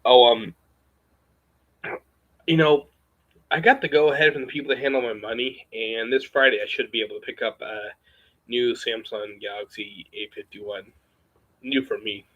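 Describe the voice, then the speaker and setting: A young man chatting casually in a vlog at home, rambling and hesitant, with a gravelly, husky voice on a webcam or phone mic. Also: mid-range voice, normal speed, pauses often, fairly bright tone, highs cut off. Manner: rambling, hesitant, lots of fillers. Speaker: vlogger.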